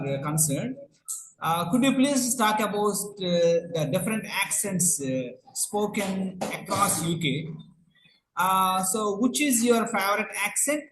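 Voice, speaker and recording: A man hosting an interview, asking questions politely and hesitantly with many pauses. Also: high-pitched, fairly bright tone, slight background noise. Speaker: host, interviewer. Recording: echoey room.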